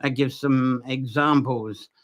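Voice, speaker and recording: A man's voice: mid-range voice, steady tone, slow. A man hosting a live nature folklore stream from Ireland, talking loosely with many fillers and restarts. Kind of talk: live-streamed solo talk.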